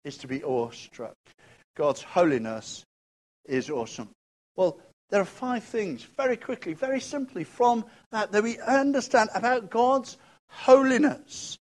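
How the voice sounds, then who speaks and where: A man with a notably high voice delivers a sermon. His preaching is expressive and emphatic, leaning on rhetorical questions. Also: a little slow.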